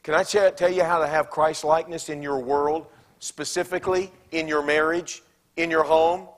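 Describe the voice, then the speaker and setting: Preaching Southern man, loud then hushed. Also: on the high side, steady tone, moderate pace. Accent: Southern American. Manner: swings from loud preaching to hushed, near-whispered quotes. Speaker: pastor. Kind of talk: sermon. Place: church sanctuary.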